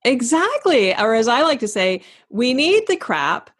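A woman hosting a podcast interview, animated and self-deprecating, who laughs often. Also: fairly high pitch, measured pace, slightly rough. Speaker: podcast host. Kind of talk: conversational interview.

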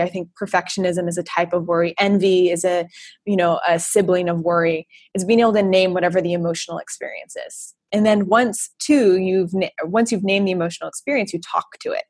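A woman guest on a podcast talks in a low, slightly husky voice. She explains reflectively, step by step, and often voices her own inner dialogue. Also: steady tone, a little fast, darkish tone, no echo. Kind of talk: conversational interview.

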